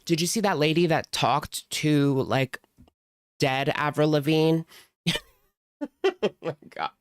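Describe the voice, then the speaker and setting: A woman's voice: deep voice, slow, no echo. A woman hosting casual reaction commentary, chatty and sarcastic, leaning on "like" as she talks close to the mic at home. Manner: sarcastic, chatty, heavy use of "like". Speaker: commentary host.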